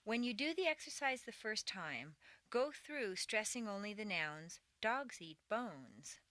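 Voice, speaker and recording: A woman reading a scripted English pronunciation lesson, with clear, deliberate speech and exaggerated intonation in the drills. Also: medium pitch, big pitch swings, sharp tone, no echo. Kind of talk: scripted audio lesson narration.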